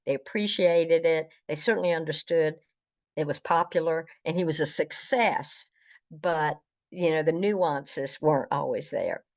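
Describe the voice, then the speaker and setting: A woman's voice: deep voice, measured pace. A woman from the South, a guest telling stories in a chatty, meandering way. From American South. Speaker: guest, fan historian. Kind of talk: anecdotal interview storytelling. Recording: dull lo-fi recording.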